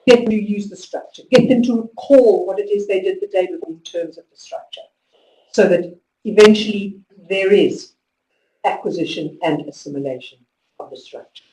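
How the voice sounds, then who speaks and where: A woman giving a conference talk to teachers, telling stories with lively emphasis and driving home instructions. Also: medium pitch, moderate pace. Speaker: conference speaker. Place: conference hall. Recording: echoey hall, distant mic.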